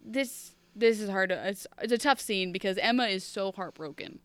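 Woman podcaster rambling thru an episode recap, wry and emotional, smooth clear voice, dry close sound. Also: medium pitch, normal speed, a bit bright, no echo. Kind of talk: casual chat.

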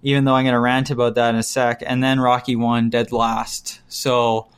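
A man talking in a casual, relaxed chat with a middle-pitched voice. He rants bluntly, piles on his complaints and breaks into quick mimicked voices as he goes. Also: smooth. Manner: ranting, blunt, mimics voices mid-story. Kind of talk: casual chat reviewing movies.

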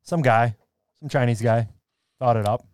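A man rambles through a relaxed podcast chat, laughing often and shrugging off details. He has a mid-range male voice, recorded dry and close with no room echo. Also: medium pitch, moderate pace, smooth. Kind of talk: casual chat.

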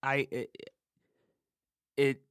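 A man's voice: very slow, fairly bright tone, no echo. Guy on a podcast rambling about games, starts sentences over a lot, dry close mic. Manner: rambling, restarts sentences, laughs often. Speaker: podcast co-host. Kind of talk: casual chat about a video game.

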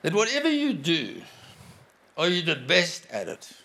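Guy preaching, earnest and chatty, kinda high voice, stops and restarts a lot. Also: wildly swooping pitch, creaky, pushed and bright. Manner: earnest, conversational, with halting restarts. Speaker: guest preacher. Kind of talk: sermon.

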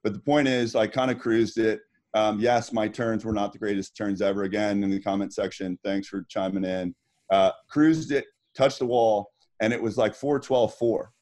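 A man's voice: on the low side, fairly even intonation, normal speed, darkish tone. A middle-aged man, a former swimmer and podcast guest, telling stories in a rambling casual way. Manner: rambling, lots of restarts and fillers. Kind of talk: casual storytelling.

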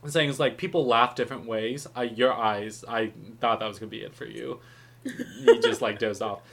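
A man's voice: mid-range voice, very animated, moderate pace, creaky, fairly bright tone. A man in casual chat recapping a film, joking, swearing and acting out quotes. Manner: profane, joking, acts out quotes.

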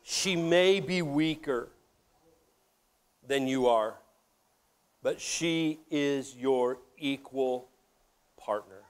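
A middle-aged man preaching a sermon, animated and joking, talking straight to his congregation. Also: mid-range voice, extremely slow, long pauses, clean tone. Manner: animated, jokey, addresses audience directly. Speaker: pastor.

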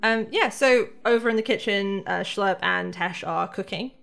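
A woman narrating a tabletop game as game master, lively, with lots of laughter and fillers. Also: mid-range voice, moderate pace, vocal fry, faint music behind.

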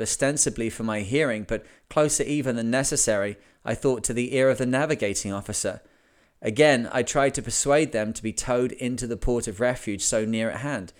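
Guy reading a book out loud on his podcast, calm and steady, nice smooth voice. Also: medium pitch. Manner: measured, deliberate reading. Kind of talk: audiobook narration of a memoir.

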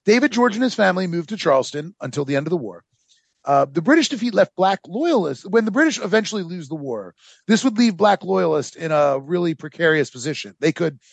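A man's voice: high voice, gravelly, dry recording. A man hosting a casual history podcast, telling the story with rambling sarcastic asides and lots of fillers. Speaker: podcast host.

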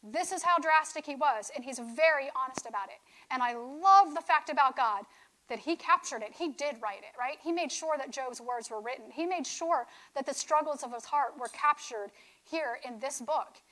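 A woman speaking on faith teaches from scripture in a high, sharp voice at normal speed. Her sermon feels conversational, and she keeps asking "right?" The recording is rough.

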